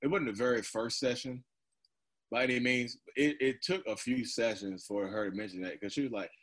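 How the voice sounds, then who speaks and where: Interview guest: husky-voiced man, thirties, loose rambling delivery, laughs easily. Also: medium pitch, steady tone, brisk, a bit bright. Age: 30s. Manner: casual, rambling, laughs often, quotes himself in asides. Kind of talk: candid personal conversation.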